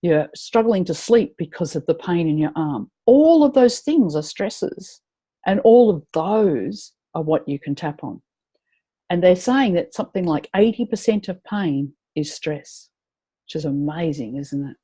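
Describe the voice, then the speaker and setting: A woman's voice: lowish voice, expressive, a little slow, dark tone, breathy edge. A woman leading a live tapping webinar, chatty and encouraging as she guides her attendees.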